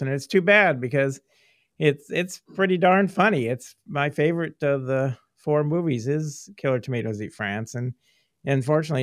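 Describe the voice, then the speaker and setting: A man's voice: mid-range voice, no room sound, studio quality. A middle-aged man hosting a casual interview, rambling and laughing often as he reminisces. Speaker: podcast host, former filmmaker.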